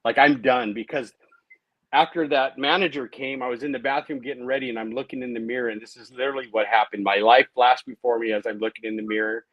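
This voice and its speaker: A man's voice: mid-range voice, steady tone, quick pace, no echo, highs cut off. A man in his late thirties, a guest in an interview, telling his personal recovery story in a conversational way, often adding "right?" and "you know". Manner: conversational, many tag questions and fillers.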